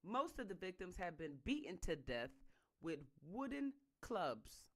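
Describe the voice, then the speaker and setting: A reader working through a book chapter in a steady, even voice, then breaking off into fired-up, slangy remarks. The commentary is loud and emphatic, while the reading stays calm. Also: medium pitch, unhurried. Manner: casual slangy speech in the asides.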